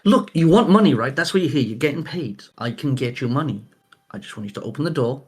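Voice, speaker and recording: A man's voice: mid-range voice, expressive, fast, breathy edge, faint music behind, voice pushed up. A man voicing a desperate young prisoner who stammers and pleads. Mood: bargaining. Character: desperate young man imprisoned by his father.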